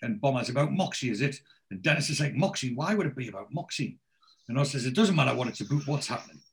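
A man's voice: mid-range voice, fast, creaky, a little hiss or hum. Casual man retelling TV scenes. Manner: animated storyteller, many fillers and restarts. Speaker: podcast host recapping a TV series. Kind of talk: casual chat, retelling scenes with quoted dialogue.

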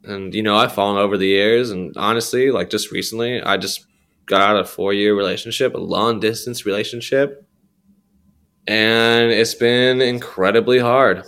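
Young guy rambling on a podcast, slangy, restarts a lot, kinda low voice. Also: steady tone, normal speed, a bit bright, smooth. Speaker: podcast guest. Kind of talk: candid personal testimony.

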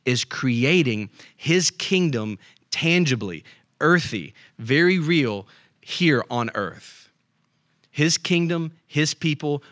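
A man's voice: medium pitch, a bit bright, dry recording, clean studio sound. A man preaching a conversational sermon as a pastor, often checking in with his listeners. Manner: conversational, asks the room "right?".

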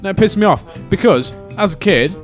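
A man's voice: high-pitched, lively intonation, a little fast, faint music behind. A man co-hosting a comedy podcast, chatting casually and ranting in a mock-serious way. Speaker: podcast co-host. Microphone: podcast microphone.

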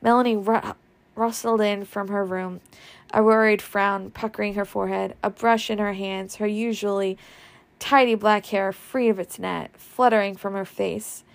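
A woman reads a classic novel aloud with a gravelly edge to her voice. She narrates expressively, shifting her tone for each character. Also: medium pitch. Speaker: audiobook reader.

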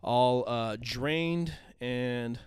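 A man's voice: mid-range voice, drawn-out words, clear, resonant tone, no echo. A man co-hosting a podcast, telling a story in casual chat, swearing freely and laughing often. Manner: profane, animated, laughs often. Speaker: podcast co-host.

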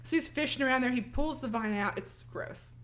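A woman's voice: high voice, brisk, a bit bright. A woman co-hosting a podcast, casually recapping a film and acting out the characters' lines. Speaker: podcast co-host.

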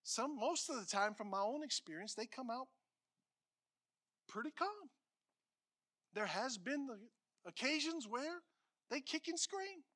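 High, bright-voiced preaching pastor. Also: male voice, lively intonation, unhurried, long pauses. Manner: emphatic preaching, repeating phrases, swings from loud to hushed. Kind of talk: sermon.

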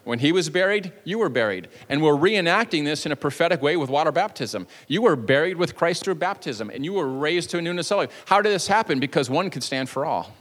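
Male pastor, slightly higher voice, playful preaching style with jokey asides, recorded in a church with a long echo. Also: animated, fairly quick, hardly any pauses, a bit bright. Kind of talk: sermon. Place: church sanctuary.

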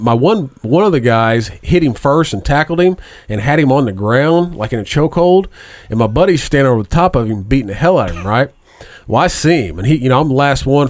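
A middle-aged man spins a long, profane story in a loose, rambling way and laughs at his own tale. His voice sits at an ordinary middle pitch. The sound is close and dry, with no room around it. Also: no room sound. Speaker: storyteller in a casual podcast chat. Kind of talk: casual chat.

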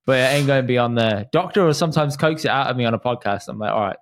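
Relaxed podcast host. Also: male voice, mid-range voice, racing. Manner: relaxed, quizzing, swears casually. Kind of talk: casual podcast chat.

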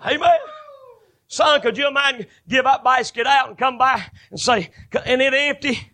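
A man preaches a fervent sermon. His voice is high and bright, and it climbs into shouted, ringing stretches. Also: normal speed. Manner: fervent, rising to shouted bursts.

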